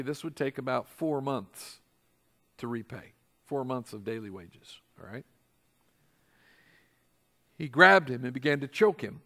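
A man delivers a sermon with a voice pitched a little high for a man. His delivery is lively and wide-ranging, and he acts out quoted lines with big jumps in pitch and volume. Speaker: pastor.

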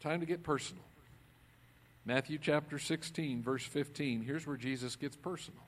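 A man preaching a conversational sermon as a pastor, swinging between loud emphasis and quiet asides. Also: a little high, moderate pace.

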